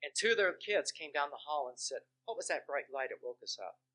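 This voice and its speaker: A man's voice: fairly high pitch, expressive, brisk, sharp tone. A man who is a Christian minister and counselor, preaching with testimonies in an earnest storytelling way and leaning hard on key words. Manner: earnest storytelling with emphatic stresses.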